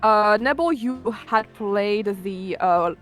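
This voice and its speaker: A woman's voice: mid-range voice, slow, a bit bright, faint music behind. A woman handing out roles and chatting with friends during a game session, teasing and talkative. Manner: chatty, teasing, hesitant with fillers. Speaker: game organizer. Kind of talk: casual game-night chat.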